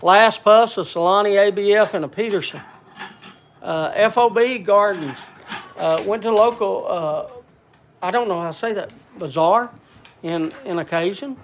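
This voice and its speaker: Man, higher voice, folksy rambling host, lots of uh fillers, chatting to viewers. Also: normal speed, slight background noise. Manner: rambling, reads off viewer names with many "uh" fillers; chatty and folksy, talks to the audience by name. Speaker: livestream host. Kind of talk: casual livestream chat.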